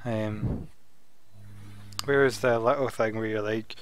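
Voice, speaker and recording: A man's voice: medium pitch, measured pace, long pauses, smooth. A man running a tabletop game as dungeon master, loose and swearing as he reads through the adventure aloud.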